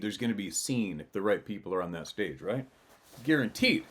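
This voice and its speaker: Blunt, lower-voiced man telling a story. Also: lively intonation, a little fast. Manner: blunt and profane, laughs often; rambling with frequent restarts. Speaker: channel host. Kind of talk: casual storytelling monologue.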